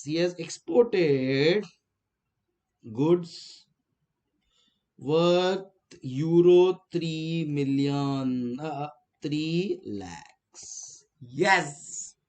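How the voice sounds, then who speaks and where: A man with an Indian accent giving a classroom lecture on finance, quizzing the class and repeating key phrases. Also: fairly high pitch. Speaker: finance teacher.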